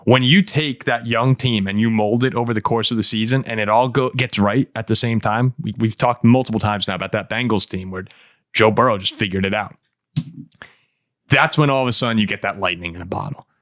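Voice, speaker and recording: A man in his twenties co-hosting a casual sports podcast, telling stories in an animated way and laughing often. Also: lowish voice, a little fast, no room sound, studio quality. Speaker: podcast co-host.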